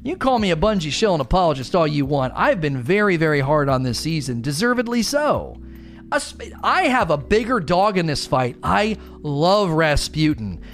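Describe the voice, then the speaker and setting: A man's voice: fairly high pitch, big pitch swings, moderate pace. A man ranting in a casual, rambling way as a gaming streamer, frustrated and fond of sports analogies. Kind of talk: casual gaming commentary rant.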